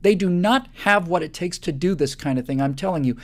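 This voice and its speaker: A man's voice: high voice, fairly quick. A man hosting a live show, delivering an impassioned monologue that builds into emphatic repetitions.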